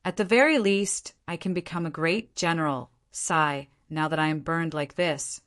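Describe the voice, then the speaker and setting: A woman's voice: low voice, normal speed, fairly bright tone. A woman reading as a chattering boastful young man. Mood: rambling. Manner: rambling, self-pitying chatter.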